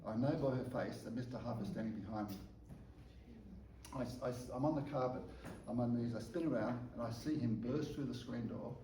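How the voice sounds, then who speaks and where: A man tells his testimony as a sermon, caught up in the tale and tripping over his words as he goes. His voice is soft and warm. He sounds set back from the mic in a reverberant room, with a faint hum of ambience behind him. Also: medium pitch, recorded from a distance. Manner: animated storyteller who stumbles and repeats words. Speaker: preacher sharing a testimony. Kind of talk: storytelling sermon.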